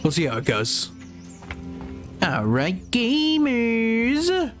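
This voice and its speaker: A man's voice: mid-range voice, measured pace, faint music behind. A tired young man hosting a game stream, rambling casually and swearing now and then while he sorts out the settings. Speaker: gaming streamer. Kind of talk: casual gameplay stream talk.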